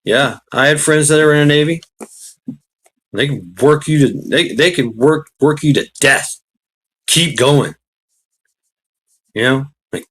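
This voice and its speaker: Speaking on the high side, a bit slowly and with long pauses, a livestream host sounds slightly bright and rough through his computer mic. He vents bluntly and profanely to his chat in a casual way, often laughing and reading viewer names aloud.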